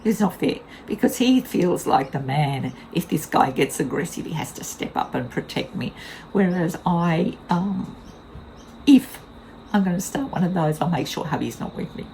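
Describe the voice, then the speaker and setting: Older woman, casual vlog storytelling, blunt, candid, very lively pitch. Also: normal speed, a little hiss or hum, poor audio. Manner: candid, blunt and animated, laughs often. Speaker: vlogger.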